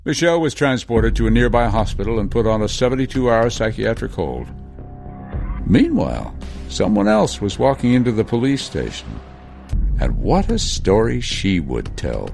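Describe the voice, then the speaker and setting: Male true-crime narrator, gravelly, animated pitch, music bed. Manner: measured, dramatic storytelling. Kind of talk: scripted narration.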